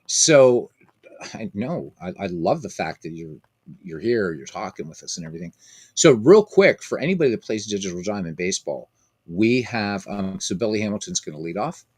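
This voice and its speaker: A man with a low, husky voice streams a baseball simulation game casually, rambling to his viewers with lots of ums and restarts. He's very animated and speaks at normal speed, and the audio is dry and close with no room echo.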